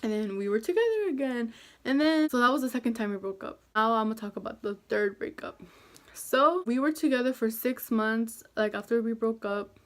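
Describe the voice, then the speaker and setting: A woman's voice: on the high side, moderate pace. A young woman talking to camera in a casual storytime vlog, chatty and self-deprecating, with lots of fillers. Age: young adult. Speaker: vlogger.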